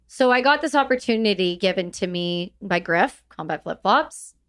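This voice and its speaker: A woman's voice: mid-range voice, animated, moderate pace, a bit bright. A woman telling her story as a podcast guest, blunt and swearing freely. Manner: blunt, swears freely, acts out quoted exchanges. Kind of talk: candid storytelling in conversation.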